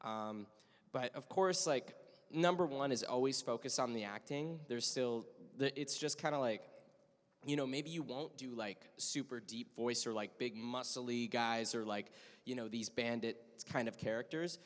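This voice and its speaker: A man's voice: mid-range voice, unhurried. A young man chatting upbeat on a convention panel, laughing often. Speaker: voice actor panelist. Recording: long hall reverb.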